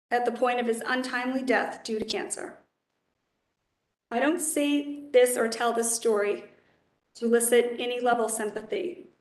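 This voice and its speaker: A woman in her fifties speaks as a nominee at a formal hearing, earnest and measured, with a slightly high, steady voice that barely rises or falls. Her words ring out in an echoey hearing chamber. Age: 50s. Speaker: judicial nominee. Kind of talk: formal prepared testimony.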